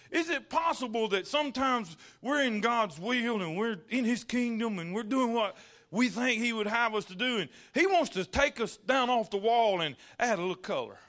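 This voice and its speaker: A preacher man with a high, bright voice that swings widely as he tells his folksy church stories. He stumbles over repeated words, then builds up to fervent peaks. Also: lively intonation, moderate pace. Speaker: pastor. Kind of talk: sermon with personal anecdotes.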